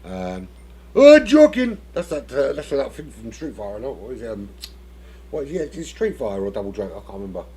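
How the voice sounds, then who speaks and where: A man's voice: fairly low pitch, expressive, fast talker, dark tone. A man giving casual live commentary on a sim race, rambling and joking as he hosts the lobby. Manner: rambling, jokey, self-interrupting.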